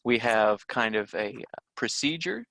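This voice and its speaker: A man's voice: fairly low pitch, expressive, a little slow, sharp tone, slight background noise. A man teaching a recorded test-prep lesson, talking through questions in a loose conversational way with frequent fillers and restarts.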